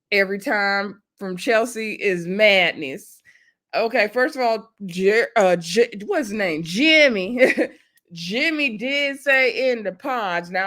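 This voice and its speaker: A woman casually recapping a reality show episode, acting out the people's lines and laughing often. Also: on the high side. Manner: animated, acts out quotes, laughs often.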